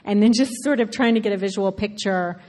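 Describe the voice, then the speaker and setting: An Alabama author with a faint Southern accent discusses her writing in a relaxed, thoughtful interview at a live event before an audience. Her mid-range voice is chatty, peppered with fillers, self-interruptions, and frequent quick laughs. The hall is reverberant.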